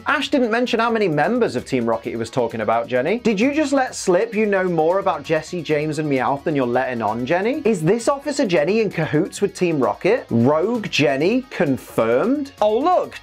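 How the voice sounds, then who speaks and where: A British man delivering sarcastic, profane comedic commentary as a video reviewer. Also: high voice. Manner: sarcastic and profane, with slangy asides.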